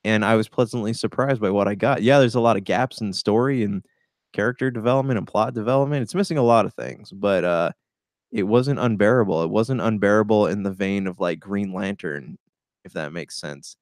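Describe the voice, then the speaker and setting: A laid-back man co-hosting a casual movie talk, hesitant and filling his speech with "uh" and "man". His voice is fairly low. The recording is dry and close, with no echo. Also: a little fast. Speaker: movie podcast co-host. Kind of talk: casual movie review chat.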